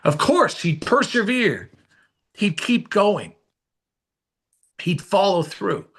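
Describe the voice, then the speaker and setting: A man with a voice on the higher side tells his story as an interview guest. He is animated, dropping low for the quiet parts and rising when he gets excited. He sounds middle-aged and speaks in a relaxed, conversational way. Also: slow pace, husky. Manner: animated, swings between hushed and excited. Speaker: author and illustrator, guest.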